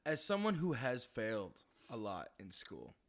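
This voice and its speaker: A young man co-hosting a podcast, joking around in loose, halting casual talk. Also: medium pitch, huge pitch swings. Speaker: podcast co-host. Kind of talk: casual chat.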